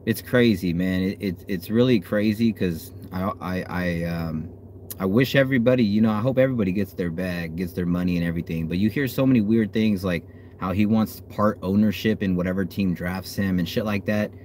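A man hosting a fan livestream, chatting casually and cursing, swinging from low muttering to loud hype. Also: a little fast, a little hiss or hum. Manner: hyped, profane, swings from low mutter to yelling. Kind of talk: casual live stream chat. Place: outdoors.

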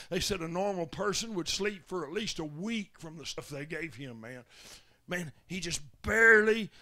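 A man preaching at a tent revival, telling a folksy story that builds to shouted commands. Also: sits high. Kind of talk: revival sermon testimony.

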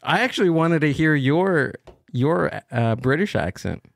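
A man's voice: a little high, lively intonation, unhurried, gravelly, no room sound. A man hosting a podcast in casual chat, laid-back and trailing off mid-sentence. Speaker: podcast host.

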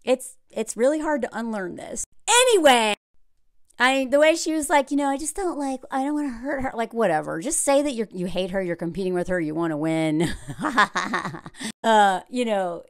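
Animated, sarcastic woman. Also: medium pitch, moderate pace, clean tone, dry recording, studio quality. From Southern United States. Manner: animated, sarcastic, frequent "like" fillers. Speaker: reality TV commentator. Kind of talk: casual commentary vlog.

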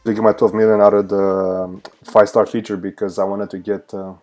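Streamer-pastor, male, mellow tone, chatty, quick laughs, shout-outs to chat. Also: lowish voice, flat delivery, faint music behind. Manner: upbeat, greets viewers by name, laughs often; shifts into an earnest prayer. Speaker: livestream host and pastor. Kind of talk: casual livestream chat.

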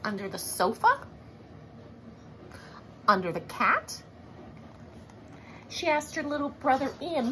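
A woman reads a children's picture book aloud slowly and expressively, pausing to ask her young listeners questions. Her voice is high and lively with a gravelly texture, over a faint background hiss. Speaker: storybook reader.

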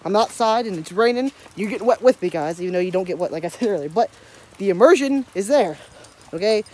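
A woman's voice: mid-range voice, lively intonation, brisk, darkish tone, slight background noise. A woman, chatting in a casual, rambling vlog, full of laughing asides and "hashtag" quips. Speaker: daily vlogger.

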